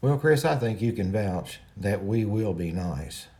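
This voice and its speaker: Folksy Kentucky man with a low, mellow voice. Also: animated, unhurried. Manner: folksy, talks to viewers directly. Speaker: livestream host. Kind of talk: casual livestream chat.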